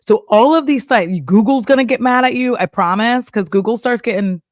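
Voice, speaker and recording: A woman's voice: on the high side, a little fast, dry recording, clean studio sound. Chatty laughing woman streamer. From Texas. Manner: chatty, laughs often, acts out voices of banks and apps. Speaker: streamer reacting to a video. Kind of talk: casual live-stream chat.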